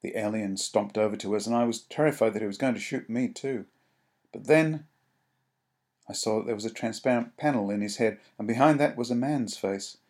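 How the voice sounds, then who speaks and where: A man reading his own first-person short story aloud in a measured, steady way. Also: on the low side.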